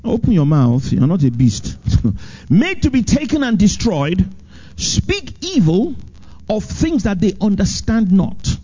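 Man preaching, lively swooping pitch, mellow dark tone, slightly husky, dull lo-fi sound. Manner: animated preaching, swings from high emphatic lines to low drawn-out ones. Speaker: pastor. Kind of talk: sermon.

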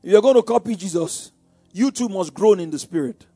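A man preaching a sermon, calling out questions to the congregation and swinging from hushed tones to shouts. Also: high-pitched, moderate pace, breathy edge, dry recording, faint music behind.

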